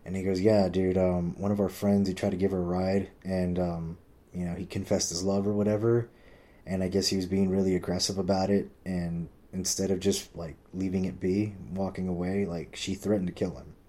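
Deep-voiced guy rambling thru a story, cusses a ton, says like a lot. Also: level tone, fairly quick, dark tone. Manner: rambling, swears a lot, heavy use of "like"; acts out quoted people with pitch jumps. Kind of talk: casual storytelling.

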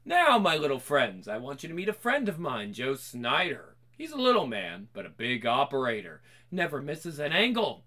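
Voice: mid-range voice, huge pitch swings, moderate pace, few pauses, pushed and bright, voice pushed down, heavily acted. A reader putting on a ghoulish horror host. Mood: sly. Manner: mock-sinister, punning.

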